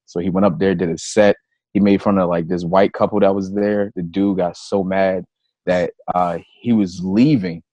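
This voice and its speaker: Low-voiced man telling a comedy story. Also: level tone, moderate pace, warm tone, no echo, muffled recording. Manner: loose, profane anecdote telling. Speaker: comedian guest. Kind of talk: casual podcast storytelling.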